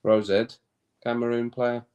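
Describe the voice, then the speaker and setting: A man's voice: medium pitch, little pitch movement, measured pace, darkish tone, muffled recording. A man hosting a casual watch-along stream, chatting with viewers and often laughing. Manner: chatty, reads chat comments aloud, laughs often, reacts to play. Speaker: live stream host.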